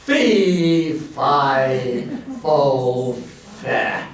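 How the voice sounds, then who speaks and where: A big, hungry giant grumbles low and slowly through a comic bedtime story, as a man puts him on. The voice sits deeper than the teller's own. It echoes around a hard room and lands from a distance. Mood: menacing. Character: big hungry male giant, gruff and sniffing. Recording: echoey room, mic far off.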